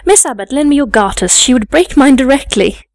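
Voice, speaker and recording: A woman's voice: high-pitched, animated, brisk, dry recording, voice pushed up. Storybook nursemaid, firm and scolding, raised voice, dry sound, woman doing it. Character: stern but kindly nursemaid, scolding woman.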